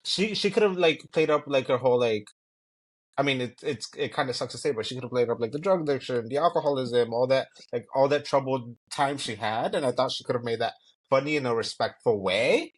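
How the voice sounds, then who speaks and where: A man's voice: mid-range voice, brisk. A man co-hosting a podcast, giving blunt, shady opinions and swearing freely. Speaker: podcast co-host. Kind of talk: casual chat recapping a reality show.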